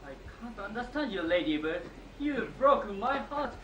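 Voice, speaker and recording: A woman's voice: on the high side, very animated, moderate pace, very noisy. A woman playing a heartbroken young man in an amateur stage comedy, pleading and melodramatic. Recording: echoey hall, distant mic.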